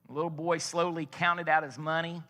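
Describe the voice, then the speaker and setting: Telling a story and questioning his congregation, a pastor preaches a little fast in a slightly high voice that's pushed and bright with little pitch movement. The large sanctuary gives the recording a church hall reverb.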